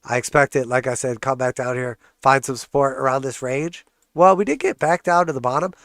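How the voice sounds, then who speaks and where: A man's voice: mid-range voice, a little fast, fairly bright tone, dry recording, clean studio sound. Stuffed-up man streaming trading charts. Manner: casual, joking, hype-man cheering on charts. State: congested, stuffed-up nose. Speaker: trading channel host. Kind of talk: live stream chart commentary.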